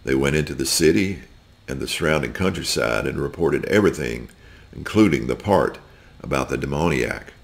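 A man reading a scripture story aloud, slow and deliberate with occasional slips. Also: rumbling low, animated, gravelly. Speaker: scripture reader.

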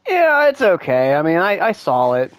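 An adult gamer in an easygoing voice-chat, mid-pitched and unhurried. Tells little anecdotes and laughs along between game remarks. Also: clean tone, dry recording. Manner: relaxed, laughs at own stories. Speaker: gamer co-player. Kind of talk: casual gaming chat.

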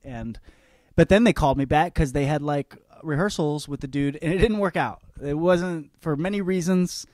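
A man's voice: a little high, moderate pace, darkish tone, no echo, studio quality. A young man hosting his own podcast, talking in a cocky, profane, rambling comic monologue full of restarts. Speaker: podcast host.

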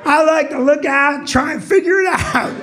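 A man doing a stand-up comedy set in a comedy club, shouting his punchlines in a loud, punchy voice. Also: extremely high pitch, normal speed, very noisy.

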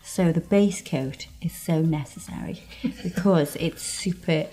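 A woman's voice: low-pitched, unhurried, warm tone. Chatty woman nail tech. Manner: playful, self-mocking, talks straight to the viewer. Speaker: nail technician. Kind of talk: chatty tutorial banter.

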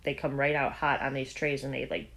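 A woman with a low voice chats casually to her camera, telling a personal story. She rambles along with fillers and little restarts, acting out what others said to her. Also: little pitch movement, a little fast, vocal fry, fairly bright tone. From Southern United States. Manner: chatty, storytelling with quoted dialogue and fillers. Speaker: vlogger. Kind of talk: casual chat.

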